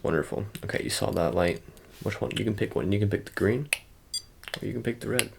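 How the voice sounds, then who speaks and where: A man in a whispered role-play, talking softly and meanderingly to the listener as an eye examiner. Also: fairly low pitch, brisk, vocal fry, background noise. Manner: soft-spoken, meandering and conversational. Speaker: ASMR creator.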